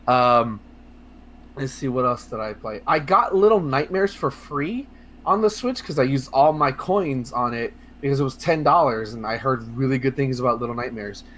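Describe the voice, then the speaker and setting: A man co-hosting a casual video game podcast, talking in a rambling, excitable way with lots of fillers, restarts and swearing. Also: medium pitch, moderate pace, a little hiss or hum. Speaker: podcast co-host. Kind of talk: casual podcast chat about video games.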